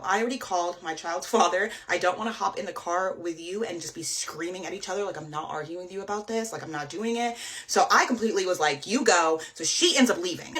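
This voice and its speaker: A woman's voice: lowish voice, a bit bright. A young adult woman telling a long personal story in a casual monologue, peppered with "like" and casual swearing.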